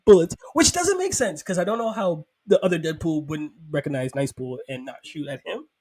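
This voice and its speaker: A man co-hosting a podcast, chatting excitably about a film, swearing freely and laughing often. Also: a little high, fairly quick, breathy edge. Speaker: podcast co-host. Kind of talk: casual film review chat.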